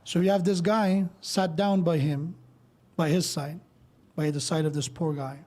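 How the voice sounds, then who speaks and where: Mellow-voiced man giving a mosque sermon. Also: on the high side, steady tone, unhurried. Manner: explains verses step by step, tells stories with quoted dialogue. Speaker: speaker at a mosque.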